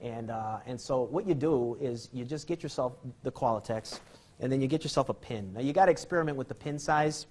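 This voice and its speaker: A man's voice: medium pitch, brisk, a little mellow, slight background noise. Rambling, jokey man lecturing on magic. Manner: self-deprecating, jokey, often restarts sentences. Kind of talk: rambling comic storytelling and demonstration.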